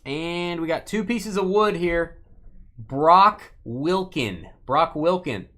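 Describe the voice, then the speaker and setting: A man's voice: fairly high pitch, unhurried. A man hosting a live sports card break, joking with viewers by name and stretching out player names as he calls each card. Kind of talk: casual live-stream commentary.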